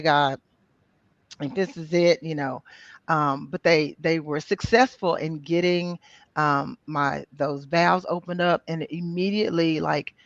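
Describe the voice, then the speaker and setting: A middle-aged woman recounting her own story as an interview guest, animated and full of "you know" and "um" fillers. She acts out the voices of people she quotes. The sound is dry and a bit dull, like a lo-fi recording. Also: on the low side, dry recording.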